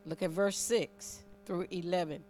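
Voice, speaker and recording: A woman's voice: fairly low pitch, steady tone, a little slow, darkish tone, slight background noise. A woman preaching a sermon in a conversational, fervent way, teasing the congregation and building up emphasis as she reads scripture.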